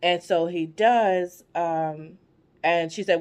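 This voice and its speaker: A woman's voice: fairly low pitch, fairly even intonation, slow pace, clean tone. A woman vlogger chatting casually as she retells a Bible story, slangy and full of offhand asides.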